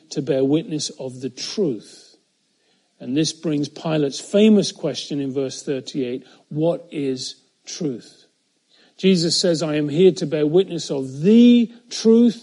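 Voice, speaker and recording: Man, Bible teacher, mellow slightly high voice, measured emphatic delivery, slows on key phrases. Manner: occasional fillers and self-corrections. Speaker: preacher.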